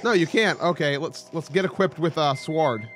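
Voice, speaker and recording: A man's voice: fairly high pitch, normal speed, soft background music. A young man casually commentating his gameplay, joking and yelping at sudden moments. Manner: excitable, joking, with sudden yelps. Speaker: let's play host.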